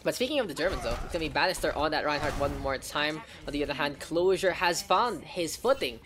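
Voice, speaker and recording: A woman giving live play-by-play commentary on an esports match, shifting between excited calls and relaxed banter with her viewers. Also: low-pitched, fast talker, background noise. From Philippines. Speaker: esports caster.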